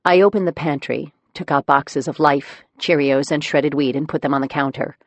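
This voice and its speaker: A woman narrating an audiobook in the first person, telling the story in a wry, measured way. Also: low voice, fairly even intonation, no echo.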